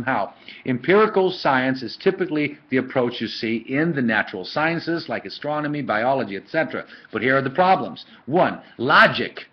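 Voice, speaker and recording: A man's voice: mid-range voice, a little hiss or hum. A man teaching a philosophy lesson in a casual lecture style, full of fillers and storytelling asides, recorded on a webcam. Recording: dull lo-fi webcam audio.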